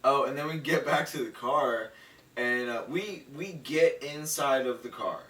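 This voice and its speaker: A man's voice: medium pitch, measured pace, a bit bright. A young man co-hosting a podcast, telling stories in casual chat and laughing often. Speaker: podcast co-host. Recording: echoey room, mic at a distance.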